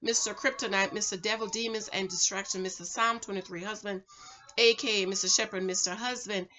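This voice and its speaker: A woman's voice: mid-range voice, fairly quick. A middle-aged woman, chatting casually to camera at home, giving preachy dating advice. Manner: chatty, preachy, animated, talks straight to the viewer. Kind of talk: casual vlog chat.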